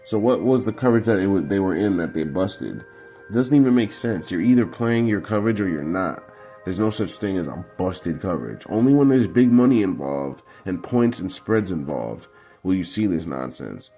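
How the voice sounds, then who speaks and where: A man's voice: low voice, animated, normal speed, mellow, soft background music. A man breaking down football game film in a heated, profane, combative rant. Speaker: football analysis vlogger.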